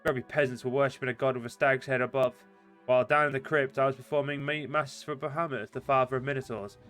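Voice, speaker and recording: A man reading out the lines of a scheming female demon cultist in a video game. He reads quickly and stumbles over words, in close to his own voice. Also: mid-range voice, steady tone, a bit bright, soft background music, lightly acted. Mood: taunting. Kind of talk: reading game dialogue aloud.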